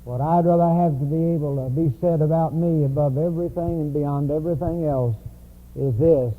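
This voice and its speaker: A man's voice: fairly high pitch, steady tone, moderate pace. Man preaching, tinny phone-like sound. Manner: storytelling, conversational. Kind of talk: sermon. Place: church.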